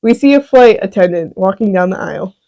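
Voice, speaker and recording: A woman's voice: medium pitch, animated, a little fast, dark tone, low-quality recording. A woman co-hosting a comedy podcast, teasing and giggling through playful banter. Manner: giggly, teasing, breaks into laughter often. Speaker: podcast co-host.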